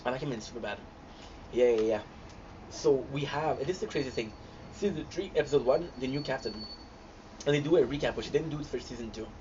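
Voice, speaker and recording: A man recapping TV episodes in casual, excitable talk, gushing with lots of fillers and restarts. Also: mid-range voice, quick pace. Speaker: host reacting to a TV series. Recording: dull lo-fi sound with clear background noise.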